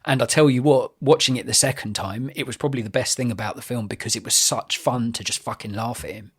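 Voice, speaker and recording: A man with a husky, mid-range voice riffs through a casual film review. He is opinionated and animated and swears freely. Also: medium pitch, fast talker. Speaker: podcast co-host.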